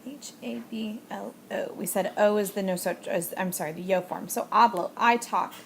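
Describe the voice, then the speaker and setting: A woman teacher talks her students through a recorded lesson, patient and methodical, pausing on fillers as she goes. Her voice sits at an ordinary middle pitch. A faint steady noise runs under the recording. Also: creaky. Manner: patient, explains step by step with frequent fillers. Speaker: Spanish teacher.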